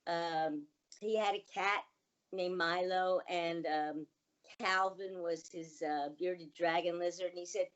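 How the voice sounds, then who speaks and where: Older female guest, animated storyteller, lo-fi sound. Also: lowish voice, takes it slowly. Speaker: guest voice actress. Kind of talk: casual interview chat.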